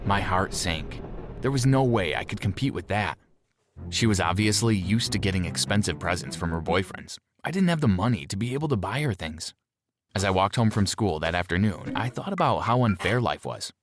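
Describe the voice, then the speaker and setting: A man narrating a first-person story in a measured, plain storytelling manner. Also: deep voice, expressive. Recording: music bed underneath.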